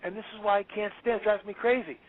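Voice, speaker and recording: A male author talking as an interview guest, emphatic and preachy, quick to exclaim. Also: high voice, steady tone. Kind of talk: animated interview talk. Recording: tinny phone-line audio.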